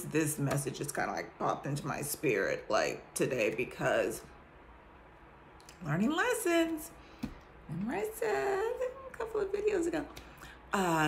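A woman's voice: sits low, creaky, slight background noise. A woman chatting casually to her viewers about her faith and the lessons she has learned, often breaking into laughter. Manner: animated, laughs often, addresses viewers directly. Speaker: vlogger sharing a faith testimony. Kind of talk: casual testimony chat.

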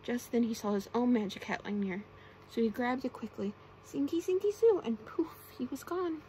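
A woman reading a bedtime storybook aloud in a soft-spoken ASMR style, gentle and slow, with brief asides to the listener, close to the microphone. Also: fairly high pitch, expressive, a little hiss or hum, low-quality recording.

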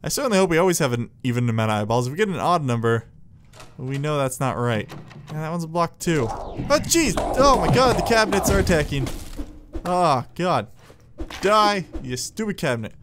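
A man giving excitable, jokey let's play commentary, yelling at enemies as he plays. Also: on the high side, brisk, slight background noise. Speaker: gameplay commentator.

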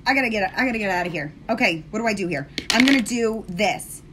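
An American live-stream host does her makeup while chatting casually with viewers in a bright, slightly high voice, with a faint hiss or hum behind her. She's sassy and chatty, speaking straight to her audience.

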